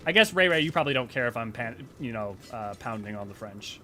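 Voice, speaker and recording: A man's voice: mid-range voice, fast, few pauses, faint music behind. A man streaming a game, rambling and joking casually while he plays and chats. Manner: animated, rambling, jokey. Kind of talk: casual let's-play commentary.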